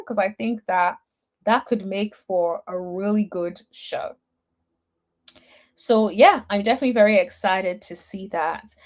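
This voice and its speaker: A young woman talks through a reality TV recap in a chatty, sassy way, reading viewer comments as she goes. Her voice sits at a middle pitch, and she fills her pauses with "um" and drops in an easy "honey" now and then. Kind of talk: casual chat reading live comments.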